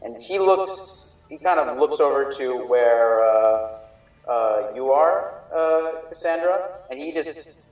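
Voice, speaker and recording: Man, game master, halting narration, slow, distant mic, faint background music. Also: fairly high pitch, lively intonation, a little mellow, reverberant. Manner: halting, many fillers and restarts, chuckling.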